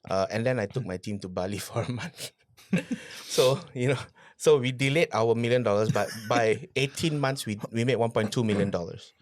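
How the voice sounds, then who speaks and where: A man, a podcast guest telling his business story in a casual interview, animated, repeating phrases and asking rhetorical questions. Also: mid-range voice, moderate pace, no room sound, clean studio sound.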